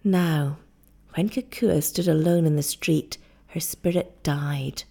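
Woman, audiobook narration, dramatic, gravelly, mellow. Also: sits low, slow pace. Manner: dramatic, expressive storytelling.

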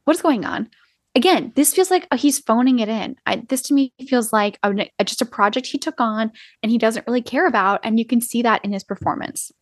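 A woman's voice: fairly high pitch, a little fast, few pauses, no room sound, studio quality. A woman co-hosting a podcast, talking casually and bluntly, with lots of "like" and the odd swear word. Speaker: podcast co-host. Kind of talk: casual chat.

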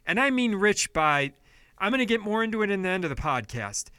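A man hosting a podcast, ranting heatedly about politics and money with a lot of swearing, then dropping to quieter apologetic stretches. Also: sits high, big pitch swings, fairly quick, clear, resonant tone, no room sound. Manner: heated, profane, swings between yelling and apologetic quiet. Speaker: podcast host.

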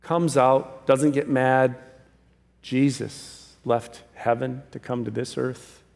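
A male pastor preaching a sermon, emphatic, swinging from loud calls to hushed pleas. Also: mid-range voice, steady tone, slow pace, creaky. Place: church sanctuary. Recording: long reverb of a large hall.

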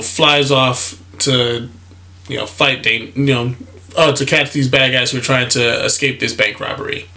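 A man casually retelling a story, relaxed and rambling with many fillers. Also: mid-range voice. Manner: relaxed, rambling, frequent "you know" fillers.

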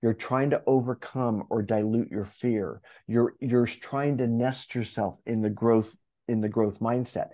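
A man who coaches and speaks in public, telling a story as an interview guest, animated and acting out his inner voice, with many restarts. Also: mid-range voice, a little slow. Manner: animated, acts out inner dialogue.

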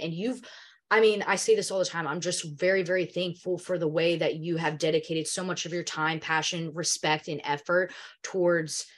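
A young adult woman co-hosting a podcast, talking candidly and emotionally in casual chat with some swearing. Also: on the low side. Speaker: podcast co-host.

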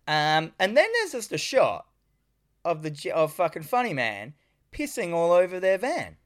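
A man's voice: high-pitched, huge pitch swings, moderate pace, a bit bright. A man, casually recapping a film as a podcast co-host, sweary and rambling. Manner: sweary, rambling, laughs often.

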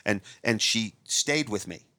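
Man from Northeast Ohio, lowish voice, animated storyteller on a dry close mic. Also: unhurried, dry recording. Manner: animated storyteller, jokey asides. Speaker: magician guest. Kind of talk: casual interview storytelling.

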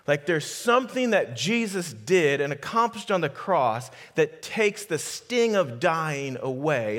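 A young adult man preaching a sermon in a conversational way, rising to emphatic peaks and dropping to a hush for stories. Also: medium pitch. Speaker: pastor. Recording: long reverb of a large hall.

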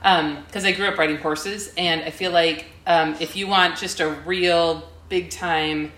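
A woman's voice: lowish voice, steady tone, measured pace, fairly bright tone, echoey room. A woman speaking reflectively in a casual chat.

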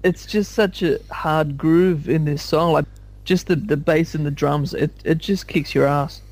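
A man in a casual music discussion, animated and jokey, often laughing at his own stories. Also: fairly high pitch, measured pace. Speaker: podcast panelist called Captain.

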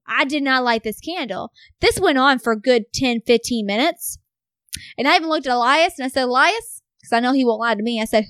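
A woman in casual conversation, telling a story with lots of swearing and lively retellings. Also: on the high side, normal speed, clean tone, dry recording, clean studio sound. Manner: swears a lot, animated storytelling.

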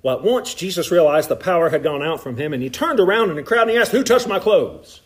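A man with a Southern Appalachian accent, preaching a sermon in a folksy, animated way with asides to the congregation. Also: a little high, quick pace. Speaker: pastor. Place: church.

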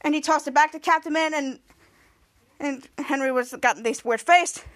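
High-voiced woman rambling through a recap. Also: normal speed, a bit bright, dry recording. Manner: rambling, repeats "cut to" with questioning "hmm?" fillers. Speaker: podcast host. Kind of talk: casual TV episode recap.

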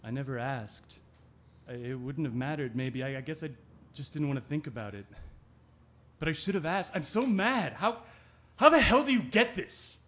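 A man's voice: medium pitch, moderate pace, natural voice. An actor playing an anxious man, speaking an inner monologue that turns brooding and angry. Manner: brooding, bursts into anger. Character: anxious man whose partner is ill. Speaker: Ben's partner. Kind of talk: audio drama acting, inner monologue.

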